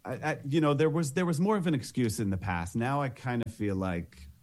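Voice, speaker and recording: A man's voice: medium pitch, brisk, darkish tone. A man talking casually as a panelist, with lots of fillers and restarts. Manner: casual, many likes and you knows, restarts. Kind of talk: casual discussion.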